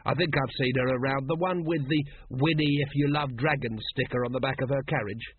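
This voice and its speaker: A man playing a weary, harried middle-aged male watch captain, with slow, reluctant delivery and a very husky voice. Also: medium pitch, steady tone, a little hiss or hum, natural voice. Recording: dry, phone-like narrow sound.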